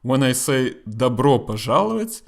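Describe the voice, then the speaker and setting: A man teaching a language lesson, explaining slowly and carefully and repeating example words, a native Russian speaker. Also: medium pitch, sing-song, vocal fry.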